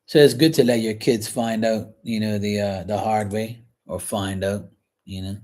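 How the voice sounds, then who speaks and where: A man hosting a casual livestream from his kitchen while washing dishes, talking frankly and rambling, often clearing his throat. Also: lowish voice, fairly even intonation, moderate pace, a little mellow. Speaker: livestream host reading chat. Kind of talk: casual chat.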